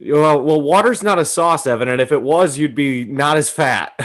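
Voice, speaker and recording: A man's voice: fairly high pitch, normal speed. A young man co-hosting a podcast in casual chat, ranting animatedly and swearing often, with frequent laughter. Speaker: podcast co-host.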